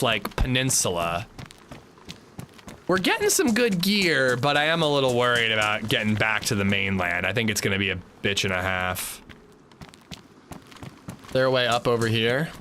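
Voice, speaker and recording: A man's voice: mid-range voice, pushed and bright, a little hiss or hum. A man streaming a game, chatting casually and jokingly answering his chat. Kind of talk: casual livestream chat while gaming.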